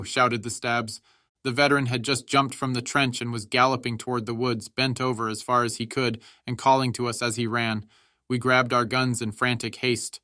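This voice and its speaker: A man reading a war memoir aloud as dramatic audiobook narration, raising his voice for the soldiers' shouts. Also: level tone, normal speed, dry recording, clean studio sound. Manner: shouts quoted soldiers' lines with raised pitch.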